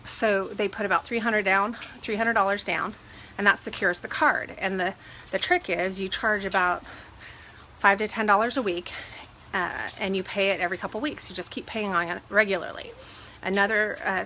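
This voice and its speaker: Chatty woman with a cold, bright voice. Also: medium pitch, moderate pace, slight background noise. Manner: chatty, animated when retelling arguments. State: stuffy from a cold, sniffling. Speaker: real estate agent. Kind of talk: casual advice vlog. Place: home with dogs.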